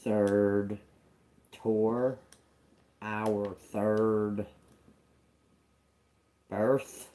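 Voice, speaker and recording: Man, tarot reader, very slow, halting, repeats words, lowish voice. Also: level tone, warm tone, a little hiss or hum. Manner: halting, repeats words as if reading messages aloud. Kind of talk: slow channeled reading.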